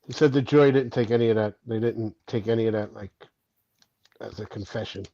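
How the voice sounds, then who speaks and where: A man's voice: on the low side, a little fast, warm tone, no echo. A man co-hosting a live stream, chatting casually in short replies and chuckling. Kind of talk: casual chat. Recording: dull lo-fi sound.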